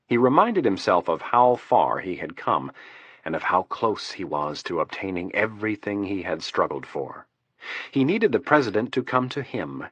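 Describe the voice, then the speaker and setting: A male narrator reads a thriller audiobook at a steady, measured pace. His voice is low and husky, recorded close on a studio mic. The sound is dry, with no room echo. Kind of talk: scripted narration.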